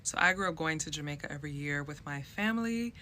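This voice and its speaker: A woman's voice: sits low, lively intonation, fast, bright, forceful tone, a little hiss or hum. A woman from the United States giving a heartfelt, emphatic personal testimony.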